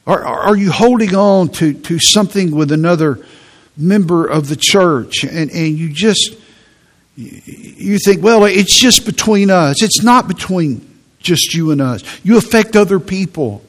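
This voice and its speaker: A man's voice: a little high, animated, measured pace. A man preaching a sermon in an earnest tone, often repeating words as he presses a point.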